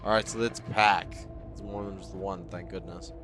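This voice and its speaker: A man's voice: deep voice, fairly even intonation, fairly quick, music in the background. A man narrating a story game in the first person, playful, with jokey asides. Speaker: game reader and streamer.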